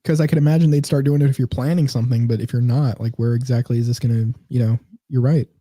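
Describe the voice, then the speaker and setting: A laid-back man with a very dark, mellow voice, talking offhand and swearing casually. The sound is dry with no room echo. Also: medium pitch, fairly even intonation, fast talker. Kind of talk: casual chat.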